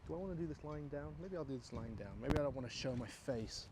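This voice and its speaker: A man's voice: fairly high pitch, fast, heavy background noise. An English man with a posh accent, a filmmaker musing in a rambling, self-mocking vlog monologue recorded outdoors. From England. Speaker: filmmaker, vlogger.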